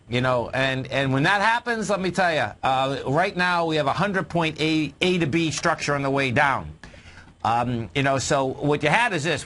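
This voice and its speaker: Heard over a radio broadcast, a male market analyst co-hosts a call-in market show in a fairly high, somewhat bright voice. His speech to listeners is emphatic, and he keeps repeating phrases.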